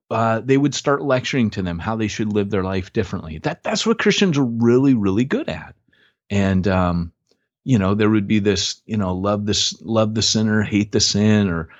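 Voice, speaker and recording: A man on a podcast tells a story in an easy, chatty way, and he jumps up into a higher voice when he quotes people. His voice sits low. The sound is dry and a little dull. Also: no echo. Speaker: podcast co-host, church planter. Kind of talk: casual storytelling chat.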